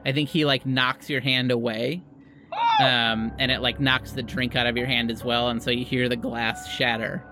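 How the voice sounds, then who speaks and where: A game master narrating a tabletop game in a halting way, with many restarts. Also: medium pitch, level tone, noisy background.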